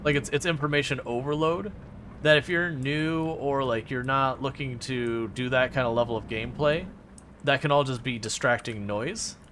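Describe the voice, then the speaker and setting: A chatty man talks casually to his stream, rambling with fillers and teasing the game. His voice is mid-pitched and bright. A faint noise runs underneath. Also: steady tone, normal speed. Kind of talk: casual live-stream chat.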